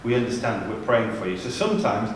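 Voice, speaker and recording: A man's voice: fairly low pitch, sing-song, fast talker, slight background noise. A man leading a church youth ministry seminar, telling stories in a chatty, humorous way with asides. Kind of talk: anecdotal church seminar talk. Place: large church hall. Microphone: distant from the mic. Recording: echoey church hall from far off.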